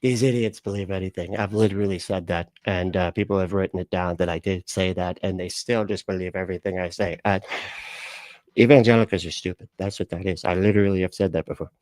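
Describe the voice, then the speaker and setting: A man's voice: deep voice, fairly even intonation, fast talker, darkish tone, dry recording. A man hosting a livestream, reacting sarcastically to clips and chatting with viewers, swearing often and laughing at what he watches. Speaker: livestream host reacting to videos. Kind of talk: casual livestream reaction and chat.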